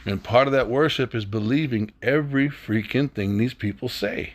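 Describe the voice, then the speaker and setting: A man's voice: medium pitch, moderate pace, few pauses. A man leads a scripture lesson, reading passages aloud and stopping to comment. He is emphatic and blunt, poses rhetorical questions to his listeners, and now and then slips into swearing. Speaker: Bible teacher.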